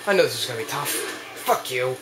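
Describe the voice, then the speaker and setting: A young man commentating his own gameplay, swearing and yelling at the opponent. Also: mid-range voice, lively intonation, a little fast, reverberant, background noise. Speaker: let's play gamer.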